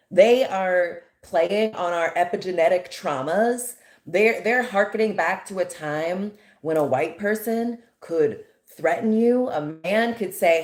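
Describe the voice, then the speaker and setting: A woman's voice: lowish voice, a little slow, reverberant. An American woman giving an impassioned, indignant monologue full of rhetorical questions. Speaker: commentator.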